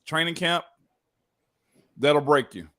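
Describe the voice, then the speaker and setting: A man hosting a casual sports talk show, laid-back and drawn-out, often calling his co-host "man". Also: on the high side, a bit bright. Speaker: host, former football player. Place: Tennessee.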